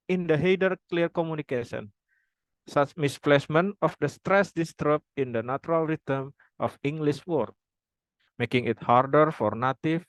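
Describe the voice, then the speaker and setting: A young man reading a prepared phonology presentation aloud, formal wording with halting restarts. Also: fairly high pitch, dry recording, low-quality recording. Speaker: student presenter.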